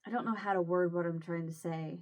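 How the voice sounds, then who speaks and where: A woman vlogger talking casually to camera in a halting, emotional way, close to tears, with a Southern Illinois accent. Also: lowish voice, steady tone, darkish tone. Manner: halting, emotional, many restarts. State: near tears.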